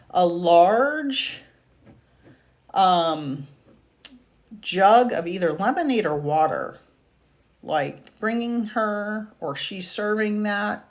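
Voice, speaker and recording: Woman, streaming medium; unhurried, gentle, halting delivery with fillers, lowish voice. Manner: slow, soft-spoken, halting with fillers and restarts; emotional, tearful at moments. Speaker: psychic medium. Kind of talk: live-streamed reading. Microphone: video call or stream mic.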